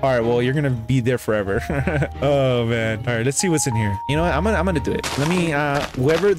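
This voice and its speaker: A man streaming a game, talking casually and reacting with excited exclamations and sudden high yelps. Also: fast talker. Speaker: gaming streamer. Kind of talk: casual gameplay commentary. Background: background music.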